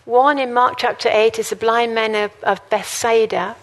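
Woman, sermon, earnest, conversational, personal stories, fairly high voice. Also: steady tone, normal speed. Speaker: guest preacher.

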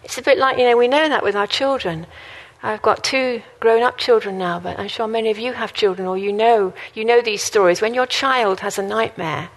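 A woman's voice: fairly high pitch, a little fast, few pauses. A woman preaching a sermon in an earnest, conversational way, mixing in personal stories. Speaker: guest preacher.

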